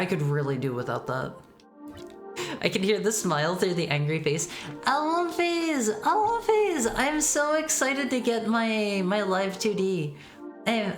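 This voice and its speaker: A woman chatting casually while streaming a retro game, stammering and repeating words, reading text aloud. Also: low-pitched. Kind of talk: casual gaming stream chat.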